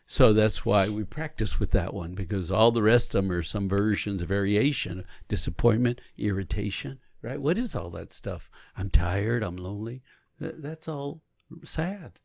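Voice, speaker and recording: A man co-hosting a podcast, talking casually and coaching through examples in an animated way. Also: on the low side, moderate pace, gravelly, no room sound, clean studio sound. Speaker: podcast co-host. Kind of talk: casual conversation on marriage.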